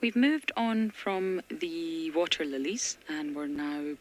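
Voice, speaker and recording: A woman safari guide giving hushed, chatty live commentary from an open-air game drive, often dropping to a half-whisper. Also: low voice, expressive, slow, hardly any pauses, slight background noise, rough recording.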